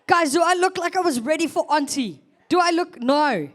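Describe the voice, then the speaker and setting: A woman's voice: high-pitched, lively intonation, moderate pace. A South African woman in her thirties performing a chatty stand-up set, teasing the audience. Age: 30s. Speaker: stand-up comedian.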